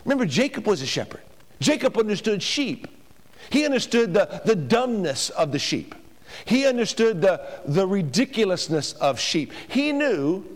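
Animated preacher man, sweeping pitch. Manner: emphatic preaching with sweeping pitch and rhetorical questions. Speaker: pastor. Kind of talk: sermon. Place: church before a congregation.

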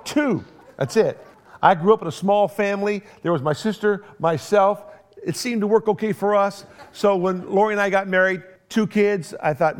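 A man's voice: sits high, moderate pace. A middle-aged man preaching a sermon as pastor, telling a family story with humor and acting out both sides of the conversations. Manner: animated storytelling, acts out both sides of dialogue, self-deprecating humor.

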